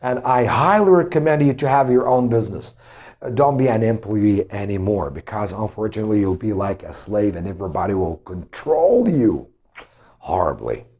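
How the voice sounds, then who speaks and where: A male English teacher giving a pronunciation lesson, drilling each word over and over. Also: fairly low pitch. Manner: slow, drills words with many repetitions.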